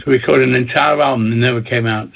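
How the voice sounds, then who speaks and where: Over tinny phone-line audio, a record producer and DJ being interviewed spins long, meandering stories in bursts, often repeating himself and starting sentences over. He speaks quickly, with a gravelly, husky mid-range voice and fairly even intonation.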